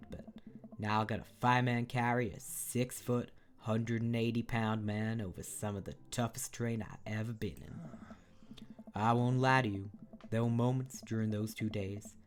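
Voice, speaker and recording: A man voicing a gruff middle-aged army veteran dad who tells a grim story slowly. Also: fairly low pitch, natural voice.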